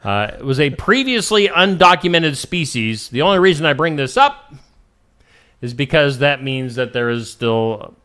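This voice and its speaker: A man's voice: fairly high pitch, animated, normal speed, fairly bright tone, clean tone. A man hosting a morning show in casual chat, reading odd news stories and joking about them. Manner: jokey, reads headlines then riffs on them.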